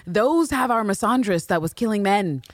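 A woman co-hosting a casual fan podcast, animated, swinging from loud exclaiming to hushed asides. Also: medium pitch, normal speed, no echo, studio quality. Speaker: podcast co-host.

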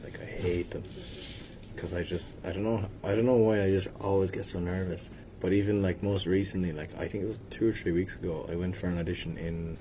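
Young Irish actor, low voice, rambling casual chat over a rumbling noisy room. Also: male voice. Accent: Irish, Limerick. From Ireland. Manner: rambling, self-deprecating, many restarts. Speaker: actor guest. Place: hotel venue.

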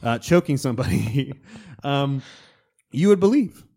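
Man, casual podcast host, mid-pitched, animated delivery, slips into quoted character voices, conversational. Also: measured pace, creaky. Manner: animated, quotes film lines in put-on voices. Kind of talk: casual chat.

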